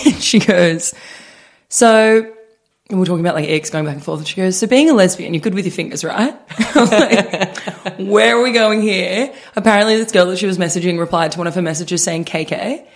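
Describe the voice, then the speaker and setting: Young Aussie woman, lowish voice, teasing storyteller, podcast co-host. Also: a little fast. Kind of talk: casual chat.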